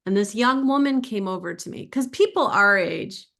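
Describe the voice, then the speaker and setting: A woman's voice: mid-range voice, animated, moderate pace, vocal fry, a bit bright. A middle-aged woman author giving an informal, chatty talk about her book to an audience, digressive and emotional as she tells stories.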